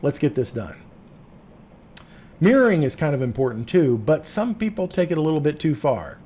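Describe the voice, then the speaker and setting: A man from the Southern United States coaching insurance agents on phone sales, emphatic and sometimes dropping to a hushed tone. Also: very animated, fast talker. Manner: emphatic, drops to a low hush for key points. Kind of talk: casual teaching monologue. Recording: tinny phone-like sound with faint noise.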